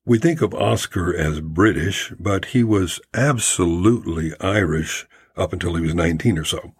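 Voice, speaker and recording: Deep, husky male podcast narrator. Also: moderate pace, no echo. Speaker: podcast host.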